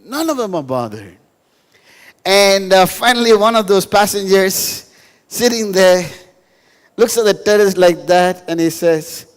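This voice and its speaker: A man's voice: high voice, expressive, measured pace, clear, resonant tone. A male pastor, giving a humorous sermon to a live audience in a school hall, telling stories and repeating lines for emphasis. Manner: storytelling with jokes, emphatic repetition. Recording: reverberant hall.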